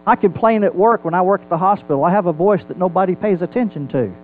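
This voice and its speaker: A man with a high voice teaching a Bible sermon in an animated way, asking his listeners rhetorical questions. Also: fast talker, few pauses, narrow, tinny audio, a little hiss or hum. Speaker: preacher.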